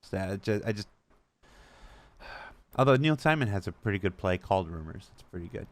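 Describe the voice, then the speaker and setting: A man's voice: fairly low pitch, lively intonation, fairly quick, no room sound. A man hosting a livestream, reading viewer questions aloud and adding chatty, sarcastic asides. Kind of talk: casual chat.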